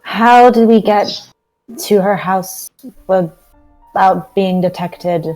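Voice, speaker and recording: A woman's voice: mid-range voice, slow pace, darkish tone, faint music behind, poor audio. A woman playing in a tabletop game, asking questions. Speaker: player.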